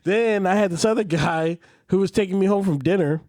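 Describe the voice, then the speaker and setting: A man's voice: high-pitched, a little fast, no room sound, clean studio sound. A man co-hosting a podcast, telling stories in casual chat, swearing often and acting out what people said. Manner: animated storyteller, swears often, acts out quotes. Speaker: podcast co-host.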